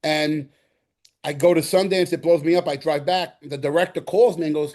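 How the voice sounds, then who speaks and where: Brief: middle-aged Bronx-born man with a New York accent, guest on a podcast interview, animated storyteller who acts out every quote, voice pitched a little high. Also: normal speed. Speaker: guest actor.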